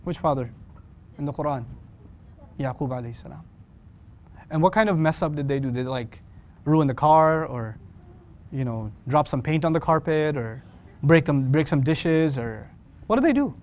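A man giving an animated, joking sermon, mixing in Quranic Arabic recitation. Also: a little high, normal speed, pauses often. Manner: animated, joking, acts out quoted voices. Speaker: Islamic speaker.

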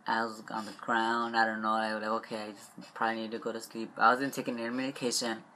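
A young man rambling in a confessional vlog, upset and stressed, halting and trailing off with frequent swearing. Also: on the low side, little pitch movement, pushed and bright, a little hiss or hum.

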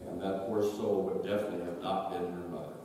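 A man, one of her children, reading a tribute at a memorial service in a slow, measured way. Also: deep voice, little pitch movement, mellow. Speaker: family member reading a tribute. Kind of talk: memorial eulogy. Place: large echoing hall. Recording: echoey hall, distant mic, faint hiss.

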